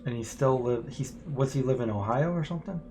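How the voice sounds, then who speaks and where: A man streaming a game and chatting casually, laid-back and quick to laugh. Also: medium pitch, dark tone, a little hiss or hum. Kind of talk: casual chat while gaming.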